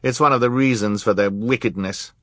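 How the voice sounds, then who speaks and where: A man's voice: lowish voice, brisk, no echo, clean studio sound, pitched above the performer's own voice, close to an everyday voice. A man voicing an earnest, riddling male librarian in a storybook reading.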